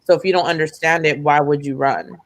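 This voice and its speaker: A woman's voice: low-pitched, fairly quick, dry recording. A woman on a podcast panel, speaking in a thoughtful, somewhat hesitant way. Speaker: podcast guest. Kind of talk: casual discussion.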